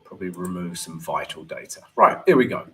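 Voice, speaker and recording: A man's voice: low-pitched, sing-song, a little fast, sharp tone. A man hosting a live trading stream, talking casually and with energy, and often checking in with "right?".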